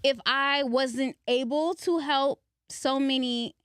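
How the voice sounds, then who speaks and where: A woman's voice: sits high, steady tone, slow pace, fairly bright tone, dry recording, studio quality. A woman who is a therapist speaking bluntly on a casual podcast, swearing for emphasis. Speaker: therapist guest. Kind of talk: casual group chat. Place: podcast studio.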